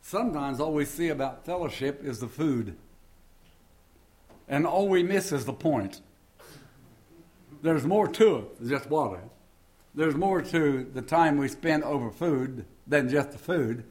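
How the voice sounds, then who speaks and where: An older man delivers a sermon with a folksy, joking touch, weaving scripture readings together with homespun stories. His voice sits a little higher than most men's. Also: expressive, measured pace, pauses often, darkish tone. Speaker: preacher.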